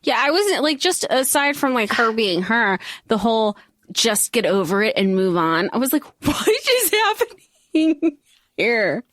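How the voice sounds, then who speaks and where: A woman chats on a podcast in a lively, animated way, her pitch sitting fairly high. She swears freely and laughs often, and the recording is close and dry. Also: normal speed, dry recording. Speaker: podcast co-host. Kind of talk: casual chat.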